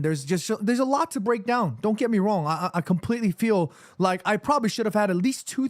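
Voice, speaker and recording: An excitable man hosts a football watchalong from his room, speaking in a fairly high voice. He gets emphatic and repeats himself when his nerves kick in. The sound is dry and close, with no room echo. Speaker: streamer hosting a football watchalong. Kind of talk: excited livestream chat. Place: his room in New York City, indoors.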